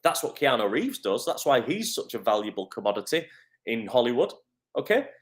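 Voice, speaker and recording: An energetic, encouraging acting coach, middle-aged and Northern English, takes viewer comments during a live talk. His medium-pitched voice moves fairly quickly.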